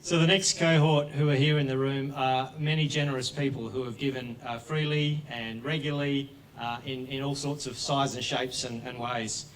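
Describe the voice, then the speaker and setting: A man with an Australian accent giving a grateful speech at a live event as a charity co-founder, trailing off softly with fillers. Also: mid-range voice, steady tone, moderate pace, hardly any pauses. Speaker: charity co-founder thanking supporters. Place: event hall with an audience. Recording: distant mic in a crowded hall.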